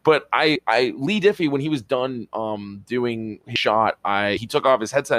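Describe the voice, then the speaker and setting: A man telling a rambling, excitable story as a podcast co-host, swearing casually. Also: medium pitch, normal speed, no room sound. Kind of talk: casual chat.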